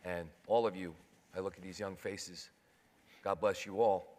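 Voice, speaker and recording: A man on a conference panel giving a heartfelt personal account, halting and earnest. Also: deep voice, steady tone, darkish tone. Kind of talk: personal testimony. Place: conference hall. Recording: long hall reverb.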